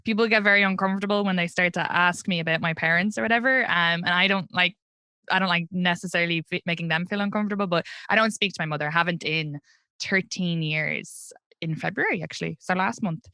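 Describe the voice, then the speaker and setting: A woman's voice: lowish voice, fast, sharp tone, clean tone, no room sound, clean studio sound. An Irish woman in her thirties, a comedian chatting candidly as an interview guest and laughing often. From Ireland. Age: 30s. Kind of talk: casual interview chat.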